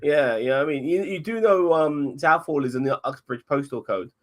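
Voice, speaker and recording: A man's voice: a little high, brisk. A man from England with a London accent, chatting casually and swearing a lot, with stammering restarts. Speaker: cab driver. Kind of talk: casual chat.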